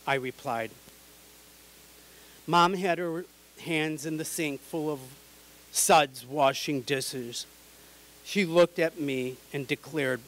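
A man reading his personal memoir aloud in an earnest, measured way. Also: a little high, a bit bright, low-quality recording. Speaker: memoir narrator.

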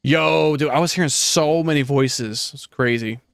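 Excitable young man gaming with friends. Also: on the high side, measured pace, creaky, smooth, no echo, studio quality. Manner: excitable, laughs often. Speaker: gaming channel host. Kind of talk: casual gameplay chat.

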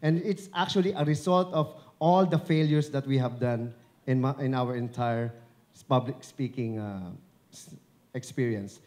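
Warm-voiced Filipino man giving a talk. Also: medium pitch, measured pace. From Philippines. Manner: chatty and encouraging, joking with the audience. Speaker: dubbing director and broadcaster giving a talk. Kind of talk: live speech at an event. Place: event venue before an audience. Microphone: handheld microphone held at the chin.

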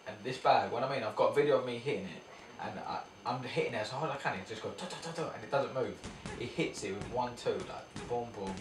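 Young boxer, low-key slangy chat, echoey room, distant mic. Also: male voice, quick pace, soft background music. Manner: laid-back slangy banter. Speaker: professional boxer guest. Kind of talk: casual chat.

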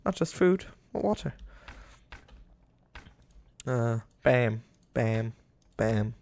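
A man's voice: mid-range voice, animated, very slow, gravelly, darkish tone. A young man giving casual, rambling commentary over a game, talking to the animals on screen and getting exasperated with them. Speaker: gaming YouTuber.

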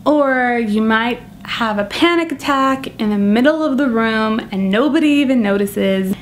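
A young woman telling self-deprecating comic stories in an animated vlog monologue. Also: fairly high pitch, slight background noise. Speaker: vlogger.

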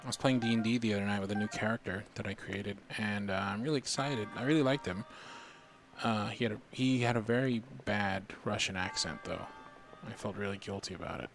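A man's voice: fairly low pitch, brisk, fairly bright tone, faint music behind. A man streaming a video game, chatting casually and in a rambling way with his viewers. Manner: laid-back, rambling. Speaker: gaming streamer. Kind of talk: casual gaming commentary.

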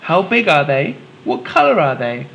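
Brief: man playing a keen kid dinosaur sleuth, storybook, raised pitch, gravelly grain. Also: big pitch swings, normal speed, sharp tone, lo-fi sound, slight background noise, full character voice. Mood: earnest. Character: earnest young boy dinosaur detective.

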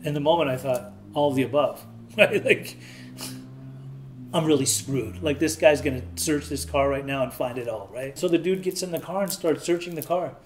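Candid man telling his story, slightly higher voice. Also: normal speed, slight background noise. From Southern California. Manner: candid, plain-spoken, acts out the voices of people he quotes. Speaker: interviewee.

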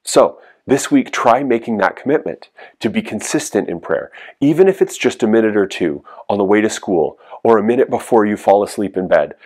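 A man's voice: on the low side, expressive, fairly quick, few pauses, a little mellow. A man giving a youth sermon as a youth pastor, earnest and encouraging, repeating his key phrases. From Canada.

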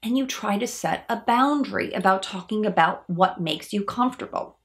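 A woman's voice: mid-range voice, animated, moderate pace, hardly any pauses. A woman psychologist giving an educational talk to camera, explaining patiently and asking viewers rhetorical questions.

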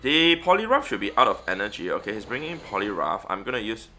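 Young male gamer, lowish bright voice, chatty play-by-play, faint music bed. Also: sing-song, quick pace. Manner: chatty, thinks aloud, frequent fillers and restarts. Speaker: gaming streamer. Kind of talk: live gameplay commentary.

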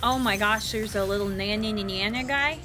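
A woman in her twenties giving gaming commentary as a let's play host, exasperated and repeating herself in rapid bursts. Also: mid-range voice, over music.

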